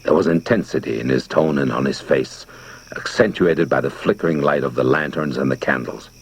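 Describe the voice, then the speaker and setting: A man giving dramatic, expressive audiobook narration. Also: extremely low pitch, a little fast, gravelly, slightly rough. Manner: theatrical, expressive.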